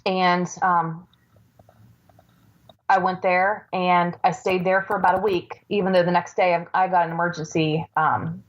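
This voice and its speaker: A woman in her forties, a podcast guest, earnestly recounting a personal story with halting restarts. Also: fairly low pitch, level tone. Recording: dull lo-fi recording.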